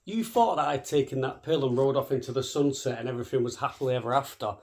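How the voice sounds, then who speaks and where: Man, thirties, casual vlog, fast cheeky talk, sweary, mid pitch. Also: a little mellow. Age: 30s. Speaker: vlogger.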